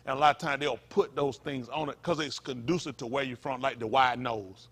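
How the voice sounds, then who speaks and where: A pastor, preaching a sermon in a repetitive, emphatic manner that rises to loud peaks. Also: male voice, medium pitch, steady tone, fairly quick, husky.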